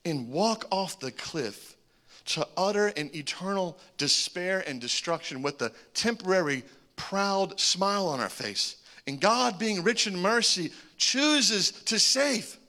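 A man preaching a sermon, animated, with joking asides and swings between loud calls and hushed remarks. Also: high voice, takes it slowly. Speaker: pastor.

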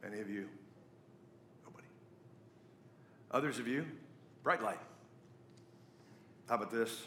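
A man's voice: on the low side, a little slow, roomy sound, a little hiss or hum. A middle-aged man preaching a sermon, telling stories with jokey asides. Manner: storytelling, animated, jokey asides. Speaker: pastor.

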